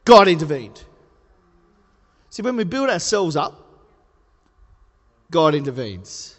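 A man preaching a sermon in a conversational, playful way, building to emphatic highs. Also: very animated, slow pace. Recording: hall reverb.

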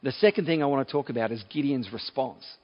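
A man with an Australian accent preaching a sermon in a relaxed, conversational way, with many fillers and restarts. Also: medium pitch, fast, highs cut off. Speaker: pastor.

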